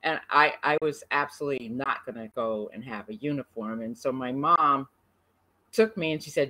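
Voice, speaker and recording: A woman's voice: rumbling low, normal speed, poor audio. A woman in her sixties, from the United States, animatedly telling her brother about her school memories. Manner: lively, animated storytelling with laughs and restarts. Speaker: interviewee. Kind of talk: recorded conversation between siblings.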